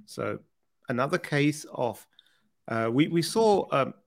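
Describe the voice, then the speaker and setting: A man's voice: on the high side, big pitch swings, takes it slowly, creaky. A British man co-hosting a casual podcast chat, talking loosely, laughing often and repeating words as he goes. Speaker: podcast co-host.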